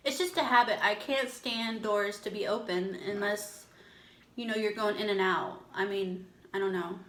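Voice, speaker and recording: A woman's voice: mid-range voice, moderate pace, a bit bright, reverberant. A woman hosting an eating show, chatting casually and teasing her husband, exclaiming as she talks. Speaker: mukbang host. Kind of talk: casual chat.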